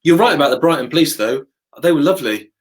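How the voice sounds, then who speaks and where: A man in casual conversation, talking at a brisk clip. He tells his story with animation, jumping into other people's voices as he goes. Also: on the high side, expressive, low-quality recording. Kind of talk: casual chat.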